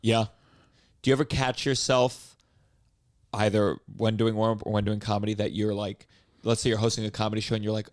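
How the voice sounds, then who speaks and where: A man's voice: on the low side, level tone, moderate pace, a little mellow, no room sound, clean studio sound. A man hosting a podcast, asking questions in easygoing chat and swearing freely. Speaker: podcast host. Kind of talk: casual interview chat.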